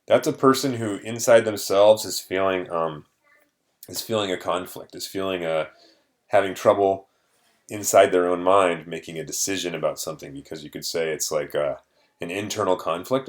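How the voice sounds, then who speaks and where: A deep-voiced male teacher talks his students through a vocabulary lesson. He explains patiently, pausing on ums and uhs as he goes. His tone stays plain and instructive throughout.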